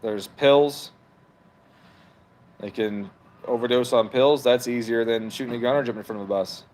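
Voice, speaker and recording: A man's voice: medium pitch, steady tone, normal speed, a little mellow, slight background noise. A man hosting a livestream from home, reading chat messages aloud and arguing back in a heated, profane, casual rant. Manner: profane, argumentative, talks back to comments.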